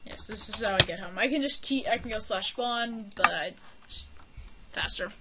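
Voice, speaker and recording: A woman chatting through a block-building game session in a playful, rambling way, cracking jokes at her own expense and giggling between thoughts. Her voice sits at an ordinary middle pitch. The home mic picks up a clear hiss along with the clicking of a keyboard. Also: moderate pace. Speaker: gameplay commentator. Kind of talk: casual let's-play commentary.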